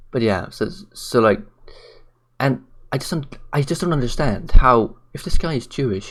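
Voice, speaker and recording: A man ranting on camera in a blunt, profane, mocking way, tired late at night. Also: on the low side. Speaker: commentary vlogger. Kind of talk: ranting commentary.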